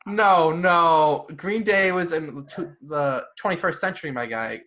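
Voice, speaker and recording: A young man hosting a podcast in casual chat, blunt, animated and full of profanity. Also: a little high, unhurried, noisy background. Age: young adult. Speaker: podcast host.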